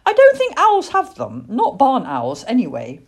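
A woman's voice: high-pitched, wildly swooping pitch, normal speed, slightly rough, pitched above the performer's own voice, heavily acted. A woman voicing a timid baby owl boy. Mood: curious. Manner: anxious, hesitant and wondering.

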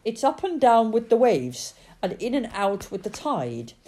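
A woman's voice: on the high side, sing-song, a little slow, a little mellow. A woman voicing a cautious male farmer who disapproves of the sea. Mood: doubtful.

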